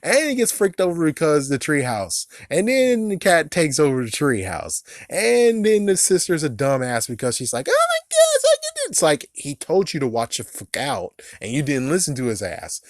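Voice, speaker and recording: A man's voice: a little high, very animated, moderate pace, few pauses, dry recording, clean studio sound. A man reviewing a cartoon in a casual, rambling way, ranting with heavy swearing and frequent chuckles.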